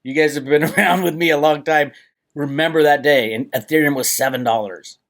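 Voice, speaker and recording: A crypto commentator hosts his own channel and launches into an agitated solo rant for his viewers, heated, profane, and sarcastic. His voice sits on the high side with a fairly bright tone, and he speaks a little fast.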